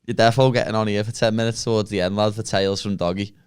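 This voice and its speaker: A man's voice: lowish voice, steady tone, fast, clear, resonant tone. A man hosting a casual podcast chat, blunt and sweary, calling everyone "lad" and laughing at his own stories. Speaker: podcast host.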